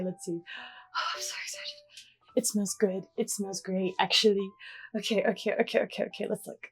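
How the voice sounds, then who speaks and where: A young woman vlogging her baking, excitable and gasping, swearing and repeating herself, reading recipe steps aloud between outbursts. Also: medium pitch. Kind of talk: casual vlog.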